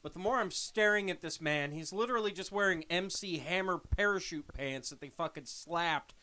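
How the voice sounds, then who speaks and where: A man's voice: high-pitched, moderate pace, sharp tone. A man co-hosting a podcast, chatting casually with sarcastic, profane quips. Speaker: podcast co-host. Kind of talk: casual chat.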